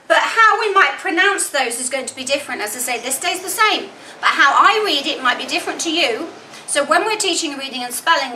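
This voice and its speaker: A woman explaining a reading method, slowly sounding words out into separate speech sounds. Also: high-pitched, pushed and bright. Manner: segments words into slow individual sounds. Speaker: reading teacher. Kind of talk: instructional explainer. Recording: echoey room, recorded from a distance.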